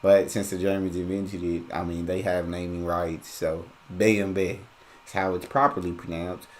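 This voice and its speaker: Playful low-voiced reaction host. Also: male voice, little pitch movement, normal speed, a little hiss or hum. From United States. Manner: playful, repeats words to try them out. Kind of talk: casual reaction commentary.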